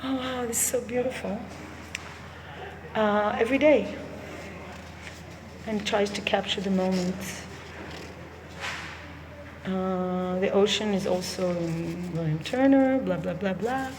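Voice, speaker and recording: A woman's voice: mid-range voice, steady tone, unhurried, long pauses, background noise. A woman walking through an art gallery, speaking her opinions bluntly and sarcastically, with plenty of swearing. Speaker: gallery visitor. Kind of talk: candid spoken gallery walkthrough. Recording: roomy gallery with long reverb.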